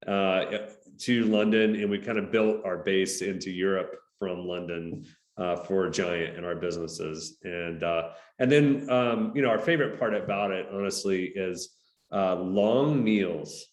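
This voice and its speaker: An American man speaks as a guest on a podcast in a lowish voice. His talk is relaxed and conversational, and the sound is roomy with a noticeable echo. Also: normal speed. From United States. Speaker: guest entrepreneur. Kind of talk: podcast interview.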